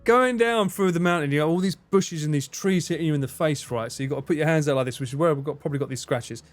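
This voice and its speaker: Faint music plays behind a man with a voice on the high side who talks at a quick pace. He's gaming live, joking with his audience in a lively way and cursing without restraint.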